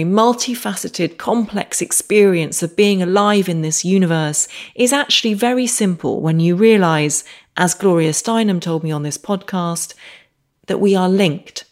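A woman's voice: medium pitch, measured pace. A woman hosting a podcast, narrating reflectively with a dry, wry humour. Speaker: podcast host.

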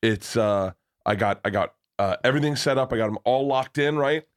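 A middle-aged man hosts a podcast and tells a loose, rambling story full of swearing and jokes. His voice sits at an ordinary pitch for a man, and the talk is casual and unscripted. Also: brisk. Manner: rambling, profane, jokey anecdotes. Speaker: podcast host.

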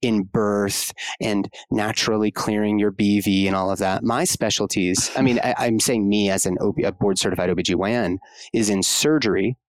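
A man's voice: on the low side, fairly even intonation, normal speed, no echo. A man speaking as a guest on a conversational podcast, talking passionately and frankly, casual with fillers and the odd swear word. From United States. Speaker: podcast guest, obstetrician-gynecologist.

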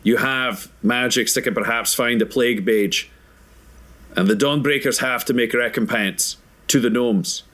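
A man's voice: mid-range voice, a little slow, a bit bright. A man voicing an earnest hero in a tabletop game, speaking formally and resolutely.

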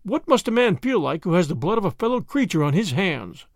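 A man plays a flustered old grandmother in a storybook reading. Her voice sits high and swoops about as she chatters and frets. She is gossipy and easily alarmed. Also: big pitch swings, fairly quick, dry recording, studio quality. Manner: fussy, breathless, easily flustered.

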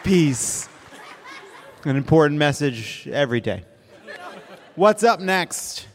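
A man in his forties hosts a live comedy show on a theater stage, rambling and making fun of himself, and he breaks into shouts now and then. His voice sits high, and the long reverb of the hall carries it, with a faint murmur from the audience behind him. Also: sing-song, unhurried. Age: 40s. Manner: rambling, self-mocking, bursts of shouting. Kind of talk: live stand-up banter. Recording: reverberant venue with crowd noise.

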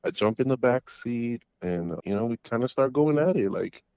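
A man's voice: mid-range voice, expressive, normal speed, clean tone, no echo. A middle-aged man, calling in, tells a long story in a rambling way, with restarts and repeated words. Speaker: caller. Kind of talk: casual storytelling. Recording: dull lo-fi audio.

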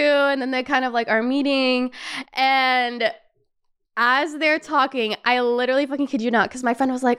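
Young woman podcaster, high smooth voice, chatty and animated, swears a lot, lots of "like". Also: moderate pace. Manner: animated, swearing, laughing, heavy use of "like". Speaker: podcast host. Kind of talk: casual storytelling.

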